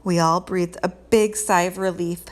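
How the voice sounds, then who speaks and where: A woman reading a children's picture book aloud in an expressive, lilting storytelling way. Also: on the low side, a little slow. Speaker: read-aloud host.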